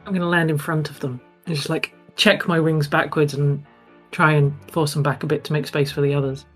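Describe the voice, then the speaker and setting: A woman playing a tabletop game, stating her actions briskly. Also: low voice, flat delivery, soft background music. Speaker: player. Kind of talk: casual tabletop game play.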